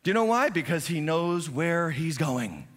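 A high-pitched, bright-toned man preaches from the pulpit, swinging from loud, emphatic bursts down to calm, quiet explaining. His voice carries a long, echoing reverb from the church hall around him. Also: normal speed. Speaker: pastor. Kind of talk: sermon. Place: church sanctuary.

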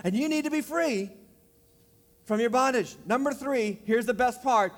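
A man preaching a sermon as pastor, emphatic, repeating key phrases and slowing down to drive points home. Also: very high voice, animated. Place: church sanctuary. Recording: long reverb of a large hall.

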